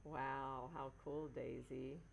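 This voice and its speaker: A woman hosts a live session in a relaxed, chatty way, reading out and answering her viewers' comments. Her voice sits very low, with a gravelly fry running through it, and she takes her time over each phrase. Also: takes it slowly, a little hiss or hum. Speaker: Reiki healer hosting a live session. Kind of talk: casual live-stream chat with viewers.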